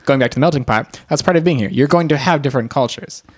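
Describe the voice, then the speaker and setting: A man co-hosting a casual chat podcast, jokey and quick to riff, often restarting his sentences. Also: medium pitch. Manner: jokey, riffs on the other's lines, restarts often.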